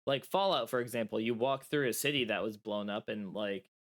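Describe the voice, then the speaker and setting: A man's voice: on the low side, a little fast. A man co-hosting a podcast in casual chat over a remote call, joking and playfully stubborn. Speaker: podcast co-host. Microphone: remote call mic.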